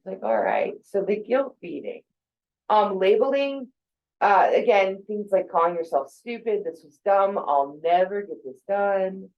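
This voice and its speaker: A woman's voice: mid-range voice, expressive, a little slow, dull audio. A woman in her forties giving a casual, conversational talk about thinking habits, with fillers and quoted asides. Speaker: speaker on mental health.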